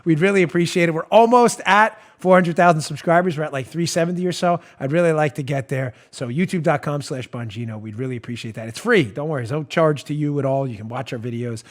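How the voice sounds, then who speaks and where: A man in his forties hosting a talk show, ranting with animated, mocking humor and frequent laughter. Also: on the high side, quick pace, few pauses. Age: 40s. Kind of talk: comedic political talk.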